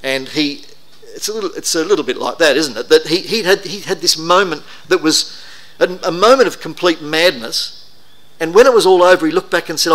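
Middle-aged man preaching, bright voice, chatty storytelling style. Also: on the high side, normal speed. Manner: conversational, anecdotal, self-deprecating. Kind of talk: sermon talk.

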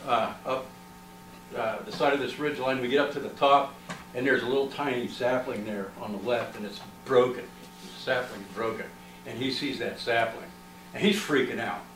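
A man's voice: medium pitch, steady tone, moderate pace, fairly bright tone. Man recounting events to a crowd, filler-heavy storytelling, miked from a distance in an echoey room. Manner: rambling, with frequent "uh" and "you know" fillers. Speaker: researcher presenting findings. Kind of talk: storytelling talk to an audience. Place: library meeting room. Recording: roomy, distant, with faint noise.

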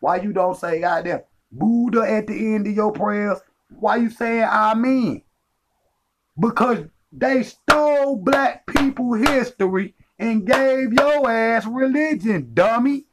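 A man's voice: high-pitched, slow pace, noisy background. A man giving a profane, emphatic livestream lecture, repeating his points and calling listeners family. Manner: emphatic, profane, repetitive street talk.

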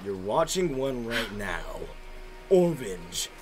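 A young man hosting a co-op gameplay stream, bantering loudly in slang and shouting directions to his partner. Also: medium pitch, big pitch swings, slow pace. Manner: loud slang-heavy banter, shouting instructions. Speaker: streamer host. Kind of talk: casual co-op gameplay chat. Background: game music.

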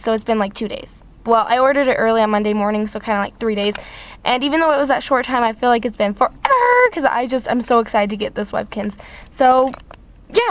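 A teenage girl filming an unboxing vlog at home, gushing and squealing with delight, in a slightly muffled home recording. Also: on the high side. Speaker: vlogger. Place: outdoors at home, later indoors.

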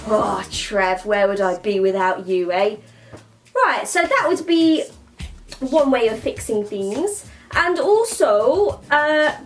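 A woman doing a rambling comic monologue full of slang, ending lines with 'mate' and 'yeah?'. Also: sits high. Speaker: vlogger playing a comic persona.

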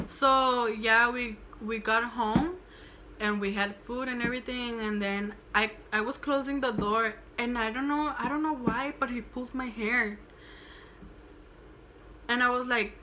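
A woman's voice: fairly high pitch, moderate pace, sharp tone, a little hiss or hum. Chatty young woman telling a story. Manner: chatty, swearing, switching into Spanish. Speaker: vlogger. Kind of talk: casual storytime.

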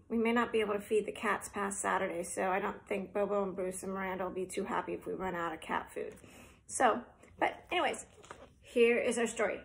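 A woman's voice: mid-range voice, creaky, a bit bright. A woman reading a picture book aloud to children, chatting friendly and asking her young listeners questions, sometimes in a whisper. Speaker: children's storytime reader.

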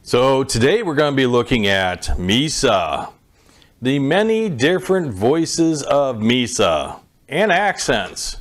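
Lively man giving a channel intro. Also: medium pitch. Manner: lively, quick promo patter. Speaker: channel host.

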